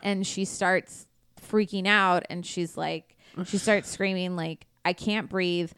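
A woman's voice: fairly low pitch, fairly even intonation, slow pace, a bit bright, smooth, dry recording, clean studio sound. A woman podcast host casually retelling a true crime case in a blunt, profane, conversational way.

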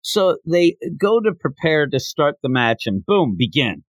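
A man's voice: a little high, very animated, a little slow, no room sound. A man hosting a podcast, casually retelling a manga chapter in a chatty storytelling way, acting out quotes. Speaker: podcast host.

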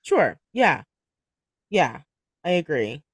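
Man, higher voice, dry close sound, casual book podcast chat, laughs a lot, says "like" often. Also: sing-song, takes it slowly, breathy edge, no echo. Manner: chatty, laughs often, fills with "like". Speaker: book club podcast host.

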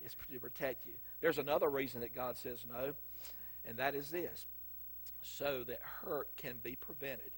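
A middle-aged Southern preacher with a husky, slightly breathy voice at an ordinary pitch. He tells homespun stories in a folksy drawl and breaks into loud emphatic bursts. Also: moderate pace. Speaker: pastor. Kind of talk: sermon.

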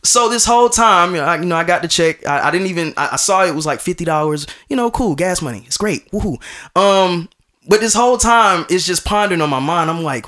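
A young man on a podcast tells a personal story in a relaxed, conversational way. He gets animated and acts out the people he quotes, with plenty of restarts and repeated words. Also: high voice, brisk. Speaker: podcast host. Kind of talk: casual storytelling.

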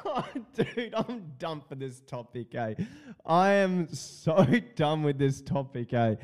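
A man hosts a casual podcast. His voice is slow, mellow and a touch high. He rambles excitably, full of slang and quick laughs. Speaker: podcast host.

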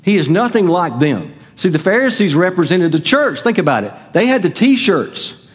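Preaching in a church sanctuary, a middle-aged pastor speaks in a high, sing-song voice that's slightly rough, at a normal speed. He's conversational and asks the congregation questions, and long hall reverb fills the recording.

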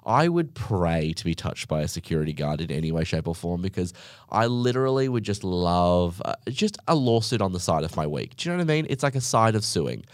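The speaker is a young male podcast host with a low pitch, talking a little fast and very animatedly. Recorded cleanly in a studio without echo, he spins a sarcastic, rambling story in casual monologue, leaning hard on "like" and digressions.

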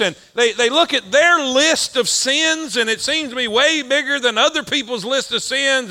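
Very high-pitched, bright and forceful, a male preacher delivers his sermon. He leans on folksy rhythm, repeats lines for emphasis, and lets his voice rise and fall.

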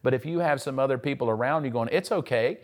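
A man's voice: mid-range voice, very fast. Pastor guy giving a sermon, chatty, acts out the quotes. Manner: conversational, acts out quoted voices.

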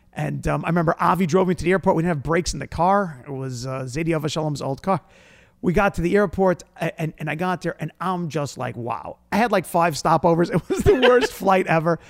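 Man from new york, high-pitched voice, lively storyteller, laughs a lot. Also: gravelly. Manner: animated, laughing, acts out other people's lines. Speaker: rabbi and podcast host. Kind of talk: storytelling in casual chat.

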